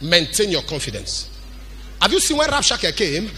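A man preaching a sermon as a pastor, animated, with sudden shouts and a sing-song cadence. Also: sits high, moderate pace.

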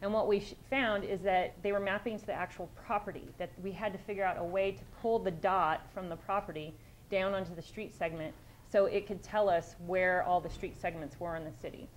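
A woman's voice: mid-range voice, steady tone, fairly quick, slight background noise, low-quality recording. A woman police sergeant giving a conversational conference presentation, direct and plain-spoken, with frequent restarts.

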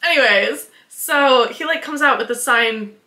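Bubbly young woman, bright and echoey. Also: high voice, a little slow. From Wisconsin, USA. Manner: bubbly, giggly, full of "like" and quoted dialogue. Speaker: vlogger. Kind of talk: casual storytelling.

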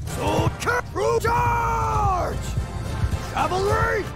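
A voice actor playing a soldier captain who shouts battle orders from far off in the game. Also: extremely high pitch, drawn-out words, full character voice. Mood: commanding. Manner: shouted war cries. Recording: distant in-game battle audio. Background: game music and battle crowd.

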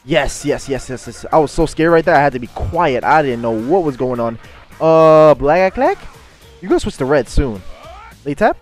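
A young man giving excitable gameplay commentary and trash-talking his opponent. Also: fairly high pitch, moderate pace, soft background music. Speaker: gaming YouTuber.

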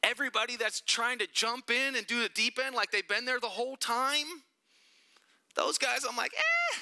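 A man preaching a sermon as a pastor, animated and emphatic, with joking asides to the congregation. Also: very high voice, normal speed, smooth.

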